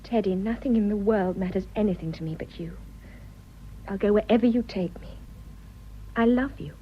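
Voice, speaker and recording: An actress playing a teasing, affectionate young wealthy wife in a radio drama, with upper-class British speech. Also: female voice, mid-range voice, normal speed, lightly acted. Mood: tender. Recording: dull lo-fi radio drama, faint hiss.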